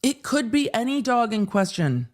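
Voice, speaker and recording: Animated woman ranting on legal commentary. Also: on the high side, moderate pace. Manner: animated ranting with profanity and acted asides. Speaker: host. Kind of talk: live legal commentary stream.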